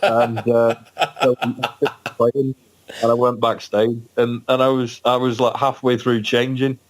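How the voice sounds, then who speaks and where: A man from England, a band member guesting on a podcast, telling a story in a rambling, halting way with lots of fillers and restarts. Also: mid-range voice, level tone. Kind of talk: casual podcast anecdote.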